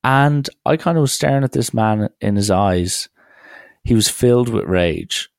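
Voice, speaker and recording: A young man spins a wry school anecdote in a loose, rambling way. His voice sits very low with a gravelly edge, and the sound is dry, with no room around it. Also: lively intonation, normal speed, a little mellow, no room sound. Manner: wry, rambling storytelling with acted quotes. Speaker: storyteller. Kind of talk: casual anecdote.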